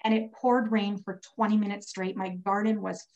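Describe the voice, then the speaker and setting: A woman's voice: mid-range voice, little pitch movement, normal speed, darkish tone, dull audio. A woman recovering from pneumonia, telling a personal faith story in casual, earnest speech full of fillers. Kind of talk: casual testimony.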